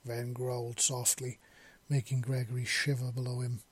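Quiet man with a flat, husky voice. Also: medium pitch, moderate pace, dry recording. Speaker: story narrator. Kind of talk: scripted narration of a romance story.

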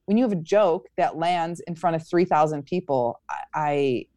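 Upbeat woman comedian, slightly low voice. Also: normal speed, background noise. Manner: upbeat, many fillers and restarts. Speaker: stand-up comedian guest. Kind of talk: casual interview chat.

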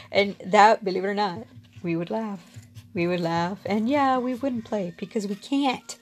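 A woman speaks to her audience in a loose, candid storytelling voice. She is blunt and unfiltered, dropping a casual curse here and there. Her pitch sits in an ordinary middle range for a woman. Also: unhurried. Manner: frank and candid, swears casually, laughs often. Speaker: storyteller sharing personal experience.

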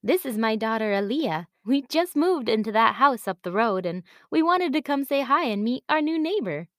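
A woman's voice: on the high side, animated, moderate pace, dry recording, studio quality, natural voice. A woman voicing a friendly, polite young mother in a storybook.

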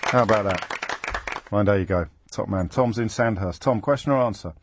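A man hosting a radio phone-in, quick and teasing with his callers. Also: lowish voice, noisy background. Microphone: studio microphone.

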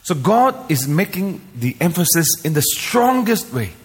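A man's voice: on the high side, big pitch swings, a little slow, husky. A man from Northeast India preaching a sermon as a pastor, emphatic, repeating key lines with rising force. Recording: long hall reverb.

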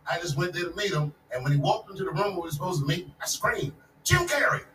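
Man in his forties, stand-up set, profane and loose, slightly high voice, distant mic in a roomy hall with crowd noise. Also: very fast. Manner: profane, loose storytelling building to punchlines. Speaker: stand-up comedian. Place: large live comedy venue. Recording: echoey live venue, distant mic, audience noise.

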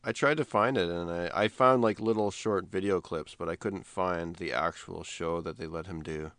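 A man co-hosting a podcast in casual chat, telling stories in a rambling, animated way with many restarts. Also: deep voice, moderate pace, no echo. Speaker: podcast co-host.

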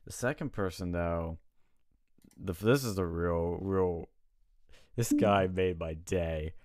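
A young man with a low, smooth, resonant voice tells stories in a relaxed chat and acts out the people he met. He swears freely, and the sound is close and dry with no room echo. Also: slow. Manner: animated storyteller acting out quotes, swears and laughs often. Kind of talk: casual chat, storytelling.

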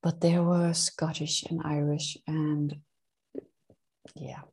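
Woman, Danish accent, dark mellow tone, breathy, casual podcast chat. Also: low-pitched, flat delivery, slow pace. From Denmark. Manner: chatty, laughs often. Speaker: podcast co-host.

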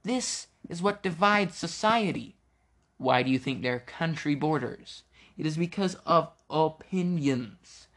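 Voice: mid-range voice, expressive, measured pace, fairly bright tone. Rambling American podcaster ranting solo. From United States. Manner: rambling, jokey, sidetracks and interrupts itself. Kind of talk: casual opinion rant.

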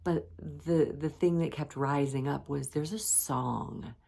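Woman, podcast host, low voice, playful, self-teasing, casual solo chat. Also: takes it slowly, vocal fry. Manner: playful, self-teasing, bursts of high animated emphasis.

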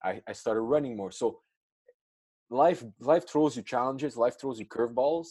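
A man speaks earnestly in a relaxed podcast conversation and tells a motivational story about his own effort. His delivery stays sincere and encouraging, and his voice sits in a plain middle register. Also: medium pitch, normal speed, slightly rough. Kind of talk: casual podcast chat.

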